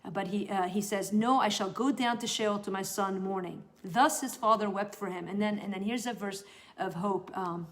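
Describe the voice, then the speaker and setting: A woman giving a lively, conversational Bible teaching, reading scripture aloud and breaking in with casual asides. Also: medium pitch, moderate pace.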